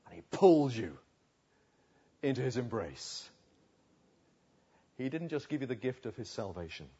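A man's voice: medium pitch, very animated, breathy edge, lo-fi sound. Man preaching with dramatic swings in volume. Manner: dramatic swings between hushed and loud passages; slow, emphatic delivery with long pauses. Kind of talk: sermon.

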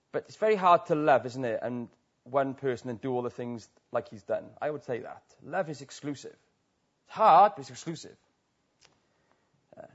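A man's voice: medium pitch, lo-fi sound. A man from Wales with a Welsh accent preaching a sermon to a church, talking conversationally with many tag questions.

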